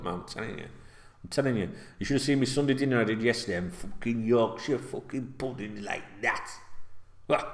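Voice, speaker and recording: A middle-aged man, rambling casually in a sweary, filler-heavy way while seated at home. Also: lowish voice. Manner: chatty, sweary, with many fillers. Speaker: football vlogger. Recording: roomy echo.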